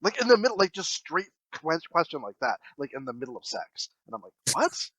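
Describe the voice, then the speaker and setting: A young man co-hosting a podcast, telling crude stories loudly and laughing often. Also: a little high, a little fast, no room sound, rough recording. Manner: loud, animated storytelling with frequent laughter. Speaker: podcast co-host. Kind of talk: crude casual podcast banter.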